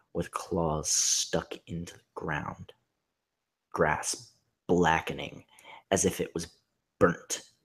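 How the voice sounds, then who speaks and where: Husky low-voiced man reading in hushed tones. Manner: hushed, half-whispered deadpan narration. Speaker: reader. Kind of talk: comic fan-fiction reading.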